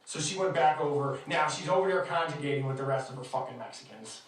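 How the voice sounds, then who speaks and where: A man's voice: medium pitch, animated, fast, very noisy. A man hosting a podcast, telling a story in a casual, heavily profane, exasperated way. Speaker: podcast host. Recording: echoey room, distant mic.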